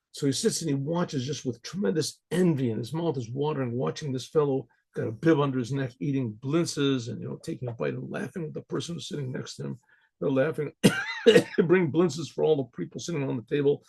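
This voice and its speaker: Rabbi guy rambling through a folk tale, repeats himself, kinda high gravelly voice. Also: warm tone. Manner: rambling, repeats words, frequent throat-clearing. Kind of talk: storytelling to an audience.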